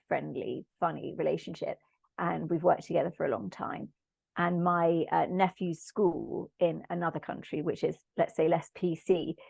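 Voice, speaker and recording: A woman talking as a podcast guest, thoughtful and reflective, often pausing to search for words. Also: on the low side, creaky, darkish tone, no echo. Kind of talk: thoughtful conversational discussion.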